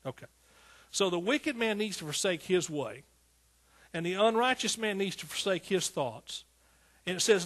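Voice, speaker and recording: A man's voice: sits high, a little slow, pauses often, fairly bright tone. A man preaching a sermon in a fervent, rhythmic way, often calling out to his listeners. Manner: fervent, rhythmic preaching with repeated calls to the congregation.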